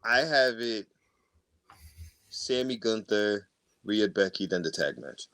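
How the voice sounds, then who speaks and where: Animated, profane male podcast co-host. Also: lowish voice, slow, no room sound. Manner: animated, swears freely, laughs often. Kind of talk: casual chat.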